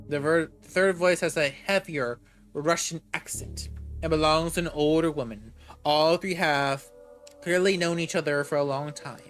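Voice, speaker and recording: A man with a slightly higher voice reads a game's second-person narration aloud, steady and unfussy, with the odd stumble over a word. Faint music plays underneath. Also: a little slow. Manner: plain, steady reading with small slips. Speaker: gaming YouTuber. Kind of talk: reading game narration aloud.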